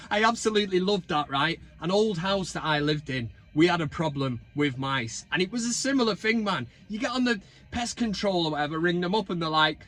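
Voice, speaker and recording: Man, high voice, football fan host, sweary, mocking, animated rant. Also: normal speed. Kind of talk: ranting football fan vlog. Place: inside a van.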